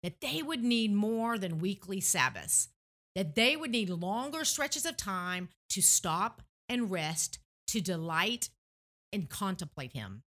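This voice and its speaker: A woman's voice: medium pitch, big pitch swings, slow pace. Earnest woman podcast host from Tennessee. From Tennessee, USA. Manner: warm, earnest, reminiscing storyteller. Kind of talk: faith podcast monologue.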